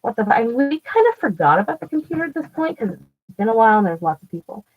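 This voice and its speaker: A woman's voice: fairly high pitch, very animated, quick pace. A woman vlogger telling stories in a casual, rambling way, full of "like", restarts and swearing. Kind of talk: casual storytelling. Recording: dull lo-fi recording with faint music.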